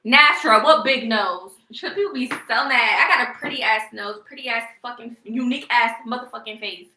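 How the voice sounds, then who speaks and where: A young woman speaking rants on a casual livestream, sassy and mocking with frequent laughter. Her voice sits high and sounds bright and sharp. The room around her is echoey. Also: normal speed, slight background noise. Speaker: vlogger.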